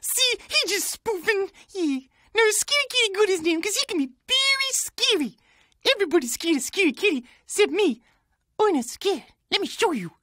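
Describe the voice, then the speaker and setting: A squeaky, sky-high cartoon cat, chattering in bubbly sing-song and playful broken grammar. The voice leaps all over its range and has a bright, sharp edge, recorded close and dry. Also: female voice, sing-song, no room sound, full character voice. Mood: excited. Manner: bubbly, sing-song, repeats her own names in rapid chants. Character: chatty, cheerful cartoon cat, silly and excitable. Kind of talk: cartoon voice acting.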